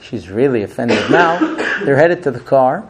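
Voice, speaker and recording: A man telling a story in a lively, animated way, often slipping into his characters' voices. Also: mid-range voice, measured pace.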